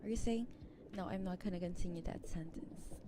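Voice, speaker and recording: A woman streamer talking softly with her viewers in a giggly ASMR chat. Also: on the low side, normal speed, noisy background. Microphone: close ASMR microphone. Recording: clear background music underneath. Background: background music.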